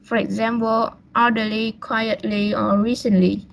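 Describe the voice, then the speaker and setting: A woman's voice: on the high side, little pitch movement, unhurried, gravelly, a little hiss or hum, low-quality recording. A young woman, presenting a class lesson on a video call, hesitant with fillers and restarts. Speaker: student presenter.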